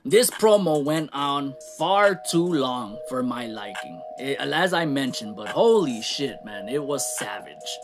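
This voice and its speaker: A man ranting casually in a wrestling show review, animated, swearing and laughing at the shocking moments. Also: medium pitch. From Latino. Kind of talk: casual recap rant.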